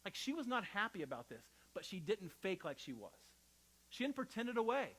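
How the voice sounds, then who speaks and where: A man's voice: high-pitched, big pitch swings, brisk, fairly bright tone, rough recording. A middle-aged male pastor preaching a sermon in a conversational, personal storytelling style, often checking in with "right?".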